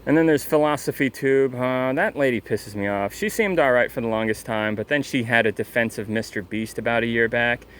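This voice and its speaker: A man's voice: mid-range voice, fairly quick, few pauses, a bit bright. A man ranting in a casual, angry and mocking way, swearing often, with faint noise behind him. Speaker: commentator. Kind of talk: casual rant.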